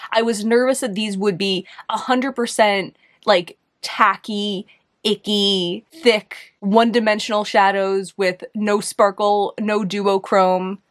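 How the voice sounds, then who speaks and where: A young woman with a New York accent talks through a makeup review in a loose, casual way. She thinks out loud, hedging and circling back with plenty of "like"s, her pitch sitting in an ordinary middle range. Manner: chatty, hesitant, thinks aloud with many "like"s. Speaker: beauty video host.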